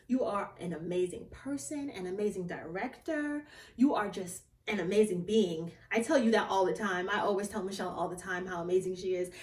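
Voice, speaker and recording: A young woman, a theatre actor, telling a personal story in a casual vlog, animated and often laughing or squealing with excitement. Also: medium pitch. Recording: echoey room, voice a bit far from the mic.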